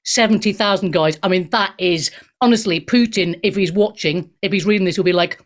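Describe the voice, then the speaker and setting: A woman's voice: medium pitch, fairly quick. A woman hosting a radio talk show, sarcastic and irreverent, swearing and laughing as she mocks the news. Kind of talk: irreverent opinionated radio chat.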